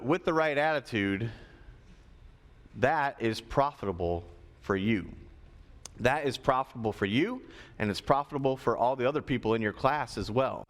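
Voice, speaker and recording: A man preaching to schoolchildren in a school chapel, as pastor and teacher, lively and teacherly, repeating his key points. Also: mid-range voice. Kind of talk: sermon to schoolchildren.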